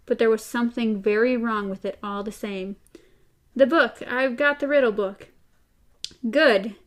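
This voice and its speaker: A female podcast co-host reading a novel aloud and retelling scenes with brisk energy. Her voice sits somewhat high.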